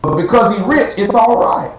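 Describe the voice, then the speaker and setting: A high-pitched man preaches in a blunt, slang-heavy street style, drawing out words to hammer a point home. His voice bounces around an echoey room on a live stream. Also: normal speed.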